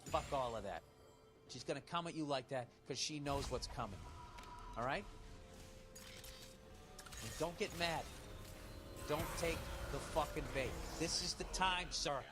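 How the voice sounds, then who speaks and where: A man's voice: fairly high pitch, moderate pace, over music. Foul-mouthed man ranting blunt advice. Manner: blunt, sarcastic, heavy swearing. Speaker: advice show host. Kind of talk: profane comic advice rant.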